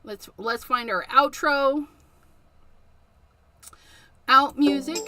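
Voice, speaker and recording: Woman, middle-aged craft livestream host: high, bright voice, unhurried and chatty, laughing often. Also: expressive, faint music behind. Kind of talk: casual livestream chat.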